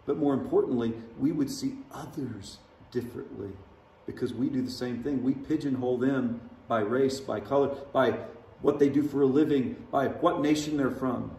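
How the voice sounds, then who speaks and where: A man's voice: medium pitch, moderate pace, few pauses, mellow, slight background noise. A man, a pastor, preaching a sermon in a conversational style. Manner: conversational preaching with dramatic voiced quotes. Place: large church sanctuary. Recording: echoey church hall from far off.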